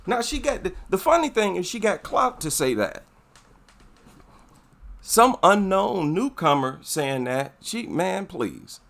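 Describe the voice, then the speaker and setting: A man's voice: high voice, very animated, takes it slowly, vocal fry, fairly bright tone. A man giving casual, emphatic commentary, repeating his points for effect. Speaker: MMA commentary vlogger.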